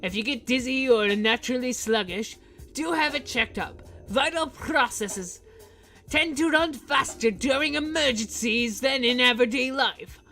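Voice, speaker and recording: A man's voice: very high voice, normal speed, pushed and bright, faint music behind, pitched above the performer's own voice, exaggerated voice. A woman voicing a mysterious masked man in a game, speaking formally and cryptically in a theatrical put-on accent. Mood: advising.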